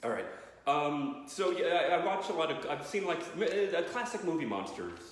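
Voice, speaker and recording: A young man doing a rambling, excitable stand-up set in his parents' living room. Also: a little high, moderate pace, very echoey, in a large hall. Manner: rambling, self-interrupting and excitable. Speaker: stand-up comedian.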